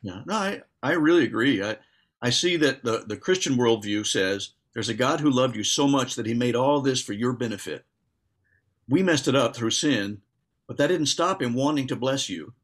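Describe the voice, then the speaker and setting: A man co-hosting a relaxed talk about faith in an everyday mid-range voice. He is earnest and agreeable, laying out his points in long, steady explanations. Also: mid-range voice, normal speed. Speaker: co-host. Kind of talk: casual faith discussion.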